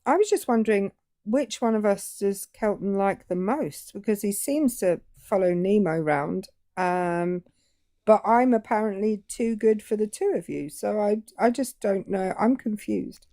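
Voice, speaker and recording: A woman's voice: medium pitch, a little slow, mellow, no echo, studio quality. A woman from Britain co-hosting a live stream, chatting and telling stories. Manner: chatty, storytelling. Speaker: stream co-host. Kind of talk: casual live stream chat.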